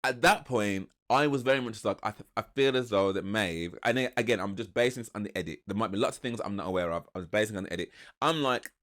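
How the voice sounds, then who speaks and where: A man's voice: fairly low pitch, fast, few pauses. Chatty man reacting to TV. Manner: rambling, restarts and animated retelling. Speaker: reaction video host. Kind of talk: casual reaction commentary.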